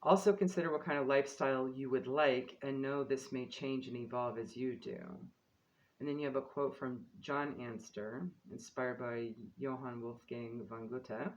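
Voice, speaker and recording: A man's voice: mid-range voice, moderate pace, muffled recording, a little hiss or hum. Easygoing man giving a spiritual card reading. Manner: calm and encouraging, laughs at his own stumbles; casual asides to viewers. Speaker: tarot card reader. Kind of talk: spiritual card reading, reading guidebook text aloud.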